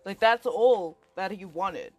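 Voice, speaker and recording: Young adult woman, casual rant; swears freely, rambles, gets louder as she gets worked up. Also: medium pitch, slow, no room sound. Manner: heated, profane, rambling, filler-heavy. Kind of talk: angry personal rant to a friend.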